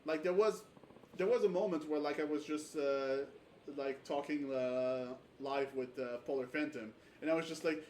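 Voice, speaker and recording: A man's voice: a little high, moderate pace, a little mellow. Rambling, swearing male game streamer. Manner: swears freely, rambling with lots of fillers. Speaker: streamer playing a game with a friend. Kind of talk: casual gaming chat. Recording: roomy echo, distant mic, faint background noise.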